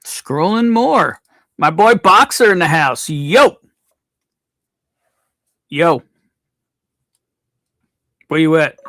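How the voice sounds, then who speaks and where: A man's voice: fairly high pitch, lively intonation, very slow, long pauses, sharp tone, dry recording, clean studio sound. A man hosting a casual livestream, reading out viewers' names from the chat and greeting them one by one. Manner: reads chat names aloud, laid-back. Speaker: livestream host.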